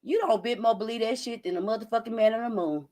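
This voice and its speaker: A woman's voice: fairly high pitch, fast, mellow. A woman hosting a live stream, brashly and profanely calling out a viewer while reading the chat. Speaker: livestream host.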